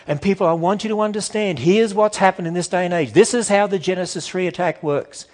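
A man giving a sermon-style talk to a church audience, emphatic and animated, firing off rhetorical questions and acting out the objections people raise. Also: sits high, a little fast. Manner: acts out quoted objections in shifting voices; emphatic, repetitive build-ups. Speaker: Christian speaker addressing a church audience.

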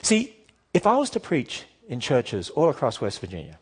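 A man giving a sermon-style talk to a church audience, emphatic and animated, firing off rhetorical questions and acting out the objections people raise. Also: medium pitch, moderate pace, slightly rough. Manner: acts out quoted objections in shifting voices; emphatic, repetitive build-ups. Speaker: Christian speaker addressing a church audience.

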